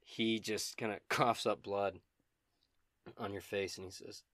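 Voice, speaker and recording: Brief: game master narrating, low voice, dry close sound. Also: male voice, steady tone, measured pace, long pauses, fairly bright tone, no echo.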